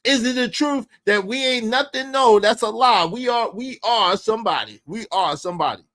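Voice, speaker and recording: A man's voice: very high-pitched, moderate pace, a bit bright. A man hosting a livestream who talks in a preachy, emphatic way and repeats lines for effect. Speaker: livestream host. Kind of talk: opinionated streaming rant.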